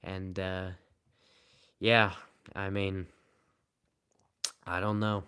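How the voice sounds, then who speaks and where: A man with a Southern American accent and a low, smooth, resonant voice. He answers livestream comments in a loose, casual ramble, with flat, deadpan humor at his own expense. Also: extremely slow. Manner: rambling, deadpan and self-mocking. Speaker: live streamer.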